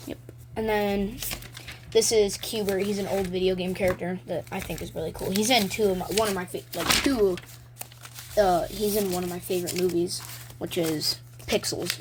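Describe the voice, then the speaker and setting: A woman's voice: lowish voice, background noise. A woman vlogging casually and rambling, with many ums and likes, as she shows her own drawings. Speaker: video maker. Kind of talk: casual show-and-tell vlog.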